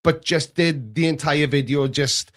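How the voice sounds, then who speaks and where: A man's voice: fairly high pitch, measured pace, a bit bright. A man with a Welsh accent chatting casually as a streamer co-host, laughing often and restarting his sentences. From Wales. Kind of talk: casual chat.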